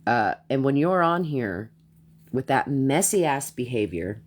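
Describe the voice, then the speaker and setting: A woman's voice: very deep voice, very animated, slow pace, a little mellow. A woman streaming a heated live rant, blunt and profane, who repeats herself as she gets worked up.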